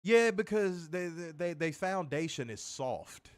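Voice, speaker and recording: A man's voice: a little high, unhurried. A man co-hosting a wrestling review show, reading comments and ranting casually with plenty of profanity. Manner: animated, profane, laughing rants.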